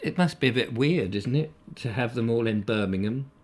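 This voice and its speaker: A man's voice: mid-range voice, animated, a little fast. A man with an English accent hosting a comic live chat show, rambling and self-deprecating. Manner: rambling, self-deprecating, fond of silly voices. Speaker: host.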